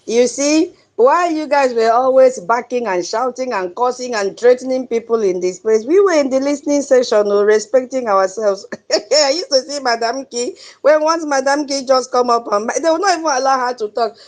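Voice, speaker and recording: A woman's voice: sits high, normal speed, darkish tone. Emphatic Nigerian woman hosting. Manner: chanting drum sounds, emphatic and preachy, laughs often. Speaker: host of an online audio space. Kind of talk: impassioned advocacy talk.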